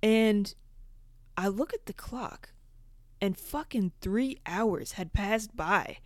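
A young woman hosting a podcast, telling a story in a casual, profane, animated way. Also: mid-range voice, takes it slowly, dry recording. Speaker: podcast host.

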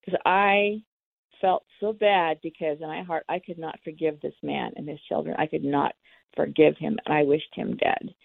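A woman's voice: sits low, little pitch movement, normal speed, vocal fry, no echo. A woman telling her own story in an interview, candid and acting out the dialogue. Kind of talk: personal storytelling. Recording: tinny phone line, dry.

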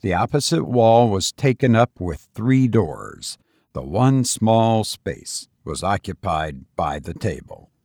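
Male narrator, low, husky, unhurried; dry close mic. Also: big pitch swings, darkish tone, no room sound. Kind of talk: storybook narration.

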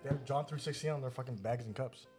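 A man's voice: medium pitch, steady tone, fast talker, a little mellow, soft background music. A young man in casual chat who swears freely and laughs often.

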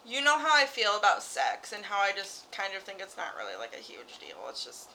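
A woman's voice: medium pitch, huge pitch swings, a little fast, bright, forceful tone, slight background noise, rough recording. A woman co-hosting a podcast in casual chat, with blunt, dry remarks. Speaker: podcast co-host.

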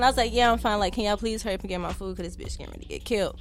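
A woman telling a lively story in casual podcast chat, acting out what people said and swearing freely. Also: a little high. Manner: fast, lively, acts out quoted voices, swears freely.

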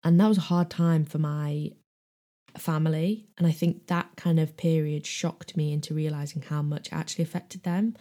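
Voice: medium pitch, fairly even intonation, normal speed, mellow. A young adult with a British accent telling a personal story frankly and at length, acting out the lines of other people. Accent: British English. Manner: rambling, frank, acts out quoted dialogue.

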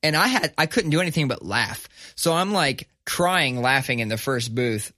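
Animated, profane man telling a story. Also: medium pitch, moderate pace, dry recording, clean studio sound. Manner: animated, profane, acts out voices in his stories. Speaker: podcast co-host. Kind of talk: casual storytelling chat.

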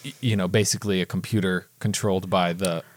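A man co-hosting a casual chat, rambling and animated, with quick asides and restarts. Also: deep voice. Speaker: podcast co-host.

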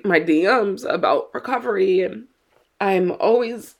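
A woman's voice: medium pitch, a little slow, creaky. A middle-aged woman talking candidly and earnestly about her recovery as a mother, sometimes swearing for emphasis. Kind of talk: emotional personal talk.

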